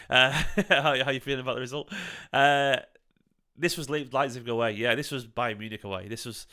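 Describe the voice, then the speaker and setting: A man's voice: mid-range voice, bright, forceful tone. A man hosting a livestream reaction to a football match, talking casually, swearing now and then and repeating phrases for emphasis. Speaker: fan channel host.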